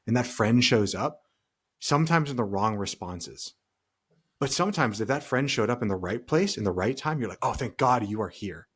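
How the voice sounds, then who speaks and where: A man's voice: medium pitch, animated, normal speed, a bit bright, breathy edge. A man co-hosting a podcast in casual chat, rambling and talking through hypothetical scenarios. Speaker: podcast co-host.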